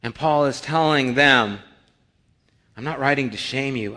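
A middle-aged male pastor preaching a sermon, telling personal stories and acting out the dialogue with rising excitement. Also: medium pitch, measured pace.

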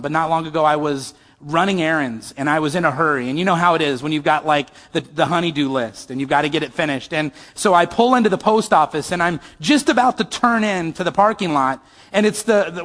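Man, pastor, high voice, sermon storytelling, conversational, asks the congregation questions, long hall reverb. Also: a bit bright.

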